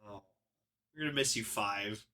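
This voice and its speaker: A man co-hosting a casual fan podcast, excitable and sweary in his reactions. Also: on the low side, normal speed, crowd noise. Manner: excitable, animated, swears a lot. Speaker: podcast co-host.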